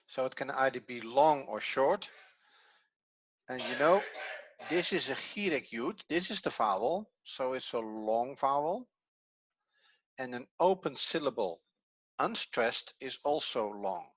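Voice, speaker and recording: Slow, methodical male grammar teacher. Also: mid-range voice, lively intonation, a bit bright, slightly rough, dry recording, lo-fi sound. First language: Dutch. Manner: slow, methodical explaining step by step. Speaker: Hebrew teacher. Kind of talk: recorded grammar lesson.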